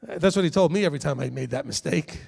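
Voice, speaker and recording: A man's voice: fairly high pitch, fast, gravelly, a little mellow. Chatty male Torah teacher in a reverberant hall. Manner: chatty, joking asides, frequent "okay?" checks.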